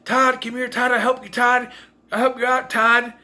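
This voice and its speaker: A man's voice: very high-pitched, little pitch movement, normal speed, pushed and bright, voice pushed up, heavily acted. A man imitating a young woman frantically calling out and offering help, in a raised, pleading voice. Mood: frantic.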